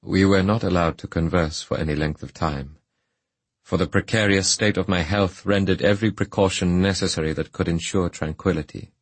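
Deep, husky male audiobook narrator. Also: steady tone, moderate pace, dry recording. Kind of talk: scripted first-person narration.

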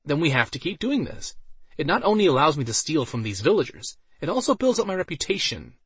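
A man's voice: a little high, very animated, a little fast, breathy edge, no room sound, pitched above the performer's own voice, full character voice. A man voicing a vain, pompous male mage who declaims theatrically. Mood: smug.

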